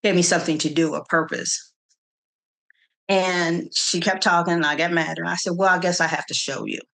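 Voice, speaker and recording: A middle-aged woman from the Kansas City area, telling her story in an interview with animated quoted dialogue and frequent restarts. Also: lowish voice, normal speed, creaky. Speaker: interview guest, nonprofit founder.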